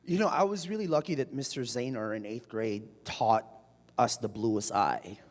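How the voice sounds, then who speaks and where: Speaking at normal speed in a mid-range voice, a guest speaker tells stories to a live audience during an onstage public conversation. He's animated and acts out the people he quotes, and the large hall makes the recording reverberant.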